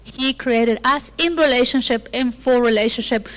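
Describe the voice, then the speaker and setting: With the long reverb of a church hall around her, a female pastor delivers a sermon in a church auditorium, performing the lines she quotes and tossing in playful asides. She speaks at a normal speed in a slightly high, somewhat bright voice.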